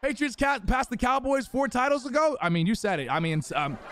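A young man livestreaming a football video game, casually chatting with viewers, shouting them out and teasing them. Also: very high-pitched, lively intonation, brisk. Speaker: live streamer playing a football video game. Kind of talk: casual livestream chat, reading chat aloud. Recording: home stream with game crowd noise. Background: game stadium crowd and commentary.

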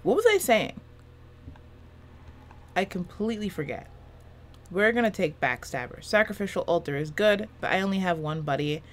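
A woman's voice: on the low side, sing-song, normal speed, long pauses, a little hiss or hum. Rambling, swearing woman in her twenties. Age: 20s. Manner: rambling, self-deprecating, swears a lot. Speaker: gaming YouTuber. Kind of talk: casual let's-play commentary. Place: small room with a fan running.

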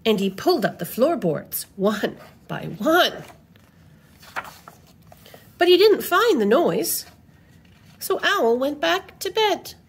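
A woman reading a children's picture book aloud in an expressive storytelling manner. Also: high voice, slow, pauses often.

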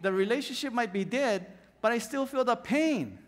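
A man preaches to his congregation in a high, lively voice that swings widely up and down. He acts out his stories with little sound effects. His voice rings with the long reverb of a large church hall. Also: normal speed. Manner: animated storyteller, acts out scenes and sound effects. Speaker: pastor.

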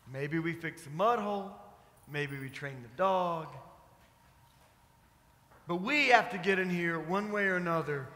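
High, bright-voiced pastor preaching in a hall. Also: male voice, a little slow, pauses often. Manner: storytelling, conversational with congregation asides. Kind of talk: sermon. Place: church sanctuary. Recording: echoey church hall.

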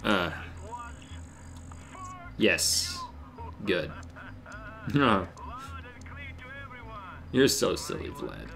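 A man giving solo gameplay commentary, shouting and swearing at the game and cracking sarcastic jokes, with faint game music behind. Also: deep voice, sing-song, very slow, creaky, long pauses, background noise. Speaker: let's play gamer.

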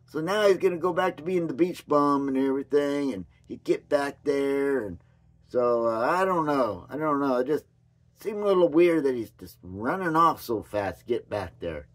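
A man rambling through a casual commentary vlog with a hoarse voice, often losing his train of thought. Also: mid-range voice, animated, normal speed. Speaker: commentary vlogger.

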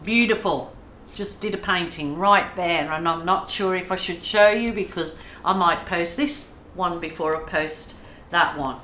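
An Australian woman talks unhurriedly through her painting, her voice a touch low and calm. She coaches gently and pokes fun at herself. The room is echoey, with a faint hum of ambience behind her. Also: a little slow, hardly any pauses. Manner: chatty, self-deprecating, soothing coaching. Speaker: acrylic pouring artist. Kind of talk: casual painting tutorial chat.

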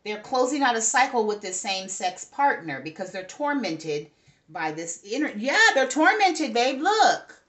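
A woman's voice: a little high, sing-song, measured pace. A woman giving a casual tarot reading to her viewers, chatty and asking "okay?" over and over. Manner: chatty, talks to spirits and viewers, frequent "okay?". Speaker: tarot reader.

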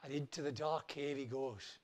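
A man preaching, telling a children's story in an animated, lively way. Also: mid-range voice, moderate pace. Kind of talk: children's story in a church service.

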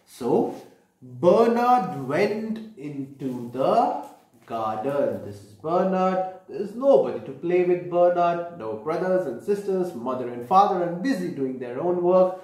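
A man's voice: high-pitched, expressive, takes it slowly, a little mellow. A man reading a picture book aloud to children, explaining each page and asking them questions. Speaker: storyteller. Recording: echoey room.

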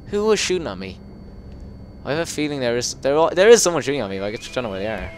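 A man giving an excitable, cursing commentary while playing a video game, breaking into loud yells. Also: medium pitch, rapid-fire. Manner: excitable, swears, bursts into yells. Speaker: gameplay video host. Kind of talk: let's play commentary. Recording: game music clearly behind the voice. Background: game music and sound effects.

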